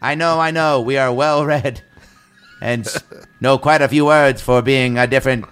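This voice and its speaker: A man doing a stiff, formal alien visitor voice, speaking in flat, measured phrases. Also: mid-range voice, clean tone, soft background music, natural voice. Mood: deadpan formal.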